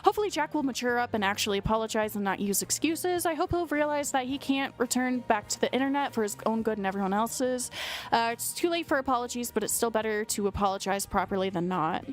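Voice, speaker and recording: A woman's voice: on the high side, animated, fast, faint music behind. A congested young woman streamer who reads a document aloud in casual commentary, blunt, profane and sarcastic.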